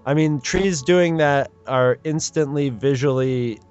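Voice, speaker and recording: A man's voice: mid-range voice, measured pace, a little mellow, clean tone. A man co-hosting a casual film chat, thinking aloud and restarting his sentences. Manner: thoughtful, hesitant, restarts often. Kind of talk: casual group chat about films. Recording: dull lo-fi sound, faint music behind.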